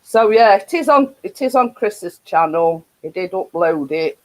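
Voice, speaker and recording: A woman's voice: mid-range voice, animated, a little slow, rough recording. A woman with a Yorkshire accent hosting a casual live stream, rambling with frequent laughs and restarts.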